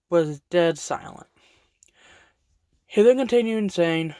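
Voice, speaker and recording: A storyteller narrating an original fan story over speedpaints, halting with frequent restarts and self-corrections. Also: mid-range voice, no echo.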